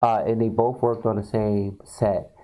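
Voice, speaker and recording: Mellow-voiced man retelling a film. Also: on the low side, a little slow, poor audio. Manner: animated retelling of film scenes, many fillers. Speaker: video blogger. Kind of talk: casual storytelling.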